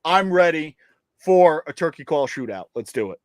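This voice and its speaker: A man's voice: on the high side, big pitch swings, normal speed, no room sound, clean studio sound. A man co-hosting a casual podcast chat, boastful and joking, swearing freely and trailing off into fillers. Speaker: co-host.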